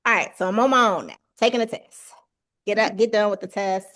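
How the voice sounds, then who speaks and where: A woman telling a story in a casual chat on a video call, animated and emphatic, acting out the voices of people she quotes. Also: mid-range voice, a little fast. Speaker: guest sharing her exam success.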